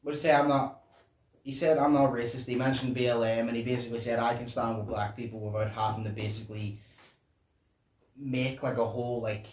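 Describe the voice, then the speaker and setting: A man hosting a reaction channel, chatting casually and profanely in a low voice while he explains song lyrics. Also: little pitch movement, fairly quick. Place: home room at night. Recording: echoey room, distant mic, faint noise.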